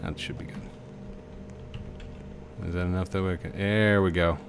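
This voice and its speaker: Deep-voiced man rambling over gameplay. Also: flat delivery, moderate pace, a little hiss or hum. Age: 30s. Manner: rambling, chatty, talks to the game objects. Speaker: let's play host. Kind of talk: casual gameplay commentary.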